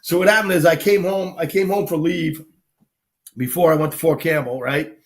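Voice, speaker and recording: A man's voice: fairly high pitch, moderate pace. Man telling army stories. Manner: animated anecdotes, acts out quoted people, laughs often. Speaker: guest storyteller, army veteran. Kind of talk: casual storytelling on a live show.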